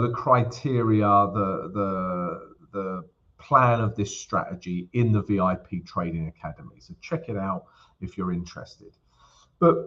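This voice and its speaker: Male stream host, casual and jokey, mid-pitched, slightly muffled lo-fi audio. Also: fairly bright tone. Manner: chatty, jokey, greets viewers by name. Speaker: forex trading livestream host. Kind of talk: casual livestream chat.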